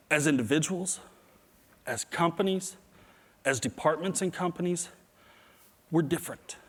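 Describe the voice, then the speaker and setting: A man's voice: on the high side, breathy edge. A middle-aged man giving a humorous keynote talk, self-deprecating, acting out his own reactions as he tells stories. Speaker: motivational speaker. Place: large hall before an audience. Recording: long hall reverb.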